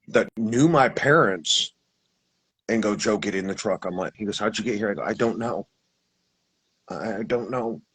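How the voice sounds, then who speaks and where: A man with a husky voice, telling his experience in a casual, rambling way, with restarts and acted-out quotes. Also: fairly low pitch, a bit bright, rough recording. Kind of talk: casual storytelling.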